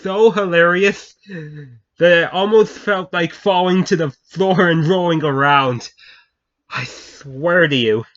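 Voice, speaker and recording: A man's voice: fairly high pitch, slow pace, a bit bright. A man telling viewers a funny story in a casual chat, often breaking into laughter and repeating himself. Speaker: channel host. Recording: dull lo-fi recording.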